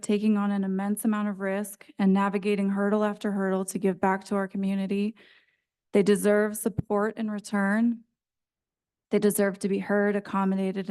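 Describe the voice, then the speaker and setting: A woman's voice: medium pitch, warm tone, smooth. A woman reading an earnest prepared statement as a public commenter at a county planning meeting.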